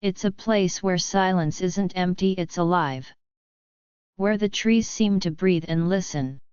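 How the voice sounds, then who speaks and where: A woman narrating bedtime horror stories in a calm, soft, hushed and atmospheric way, as the regular host of the channel. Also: fairly low pitch, measured pace, clear, resonant tone, dry recording, dull audio.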